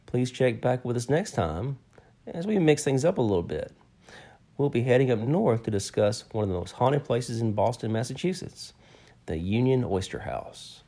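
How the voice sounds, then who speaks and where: Man, podcast co-host, gravelly, mellow tone, lively pitch, easygoing delivery. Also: moderate pace. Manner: easygoing, joking. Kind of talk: casual podcast narration and banter.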